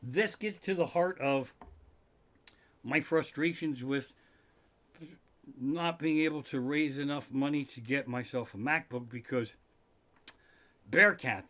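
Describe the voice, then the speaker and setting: A man doing a live-streamed comedic rant from his living room, profane and animated with sudden outbursts. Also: mid-range voice. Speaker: comedian host.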